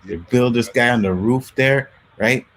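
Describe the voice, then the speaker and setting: A man hosting a casual talk show, telling street stories from his youth in Canada with lively acted-out quotes. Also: medium pitch, unhurried, a little hiss or hum. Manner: animated storyteller, acts out quotes. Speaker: podcast host. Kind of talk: casual storytelling chat.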